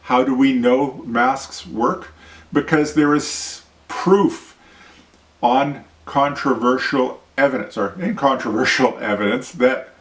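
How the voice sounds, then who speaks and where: Here a Canadian vlog host takes it slowly, his mid-range voice carrying a blunt, profane rant through an opinion monologue and demonstration. The sound is roomy, picked up by a distant mic.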